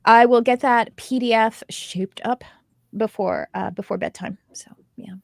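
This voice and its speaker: A middle-aged woman hosting a casual chat, telling animated stories full of quoted dialogue. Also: fairly high pitch, a little slow, vocal fry, no room sound. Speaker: host, intuitive development teacher.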